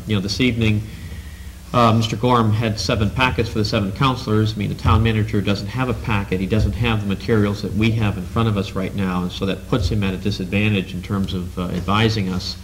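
A man's voice: lowish voice, a little hiss or hum, poor audio. Hesitant man chairing a town council. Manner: hesitant, many fillers and restarts. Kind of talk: chairing a public meeting.

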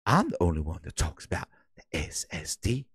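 A man doing a comic impression of a famous console architect: a low, muttering voice, indignant and swearing. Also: wildly swooping pitch, a little fast, slightly rough, no room sound, clean studio sound, heavily acted. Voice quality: low, muttering, mumbled under the breath.

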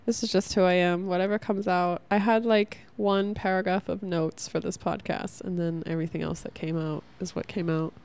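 A woman's voice: fairly low pitch, steady tone, moderate pace, hardly any pauses, darkish tone, clean tone. A young woman hosting a casual spiritual podcast, talking in a rambling, heartfelt way and saying "like" a lot. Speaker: podcast host.

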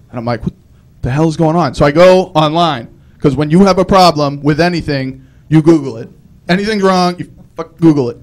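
A young man doing a live stand-up set, telling rambling self-deprecating stories with frequent restarts. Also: a little high. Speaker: stand-up comedian.

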